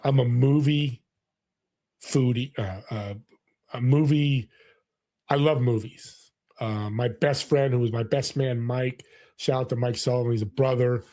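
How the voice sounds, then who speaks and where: Measured in pace and medium in pitch, this voice belongs to a man in his sixties from California. Appearing as a guest in a casual interview, he relates personal stories with earnest energy and frequent restarts.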